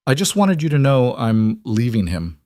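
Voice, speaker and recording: A man's voice: medium pitch, sing-song, moderate pace, a little mellow, dry recording, studio quality, voice pushed up, natural voice. A man voicing a middle-aged mother whose voice is strained but determined.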